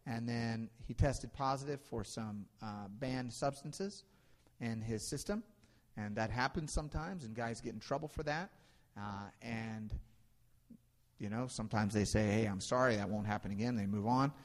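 A man's voice: medium pitch, unhurried. A man in his thirties, a pastor giving a casual, story-filled sermon with lots of ums and restarts. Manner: casual, anecdotal preaching with frequent fillers and restarts. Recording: long reverb in a large hall.

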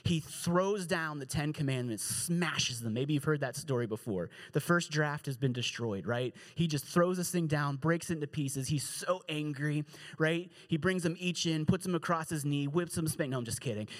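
A man with a high-pitched voice gives a relaxed storytelling sermon as a pastor. He talks in slang and jokes, and he acts out each character in quick little voices. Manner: slangy, joking asides.

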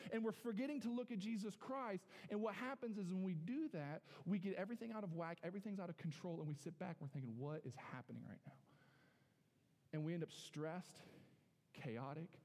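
A man delivers a sermon in an easy, conversational way, repeating phrases and turning to the congregation with questions. His voice sits a little high for a man. The long reverb of a church hall trails after every sentence. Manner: lively, conversational preaching with frequent repetitions and audience address. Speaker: pastor. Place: church sanctuary.

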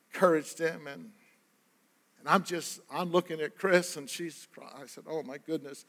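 A man's voice: on the high side, fairly bright tone. An older man, a pastor, preaching a sermon in a conversational, earnest storytelling way. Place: church sanctuary. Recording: church hall with long reverb.

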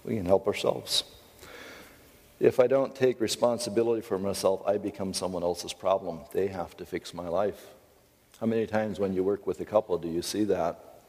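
A man's voice: deep voice, normal speed, a little mellow, long reverb tail. A middle-aged man teaching at a Christian seminar, speaking emphatically and earnestly, with self-deprecating asides.

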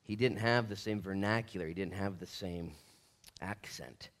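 A middle-aged pastor delivers a lively sermon, acting out the voices of the characters in his story. He speaks with a low voice at a moderate pace.

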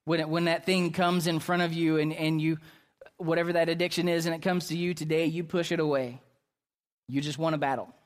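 A man's voice: fairly high pitch, level tone, a little fast. A man preaching a sermon as pastor, emphatic and repetitive, his intensity rising and falling.

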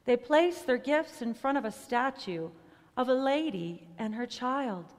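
A woman telling a storybook tale in an expressive, soft-edged manner, closing with a prayer. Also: fairly high pitch, measured pace, big-room sound. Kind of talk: storybook reading ending in prayer.

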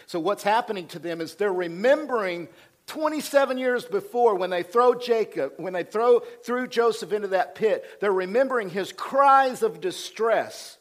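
Animated male pastor preaching. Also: high voice, moderate pace. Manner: animated, conversational, jumps between loud emphasis and quiet asides. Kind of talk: sermon.

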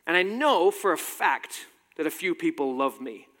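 Thirtysomething british guy, slight american tinge, wry personal story talk, voice a bit high, long hall echo. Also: expressive, moderate pace, fairly bright tone. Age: 30s. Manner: wry, self-deprecating humor. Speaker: speaker giving a talk.

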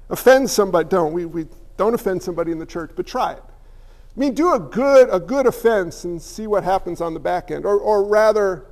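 A man with a notably high voice delivers a sermon as a pastor. He talks conversationally, mixing jokes into his points and throwing rhetorical questions at his listeners. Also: a little mellow.

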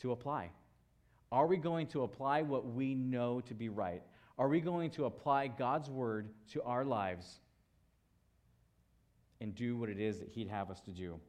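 A man's voice: medium pitch, unhurried, long pauses, darkish tone. A man preaching a sermon, building emphasis through repeated phrases and rhetorical questions. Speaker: pastor.

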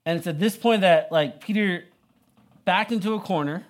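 A man's voice: sits high, moderate pace. A young man preaching a sermon, retelling the story in a casual, conversational way full of "like" and "you know". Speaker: pastor.

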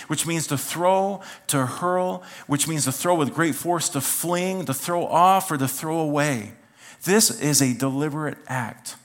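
A man pastor preaching a sermon in a church, telling a funny personal story and acting out the voices of the people in it. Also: on the high side. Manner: animated storytelling, acts out voices, self-mocking humor.

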